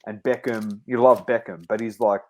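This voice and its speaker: A man's voice: lowish voice, fairly even intonation, moderate pace, darkish tone. A man co-hosting a podcast, chatting casually, laughing and teasing his co-hosts and calling them mate. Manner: laughing, teasing banter, calls people mate. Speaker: podcast co-host. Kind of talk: casual chat.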